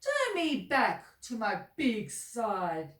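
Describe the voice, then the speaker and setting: Storybook snob: a rich, rude old man as a woman puts him on, slow, loud and haughty, in an echoey room with the mic at a distance. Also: fairly high pitch, big pitch swings, voice pushed up.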